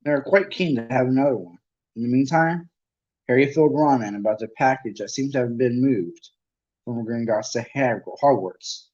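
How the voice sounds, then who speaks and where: A man's voice: mid-range voice, a little mellow, highs cut off. Man reading aloud with frequent slips. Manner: stumbles and corrects himself often. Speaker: amateur audiobook reader.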